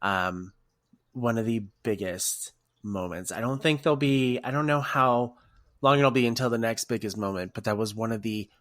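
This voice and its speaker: A man co-hosting a casual podcast, telling stories in an emotional, animated way. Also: lowish voice, no room sound, studio quality. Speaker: podcast co-host.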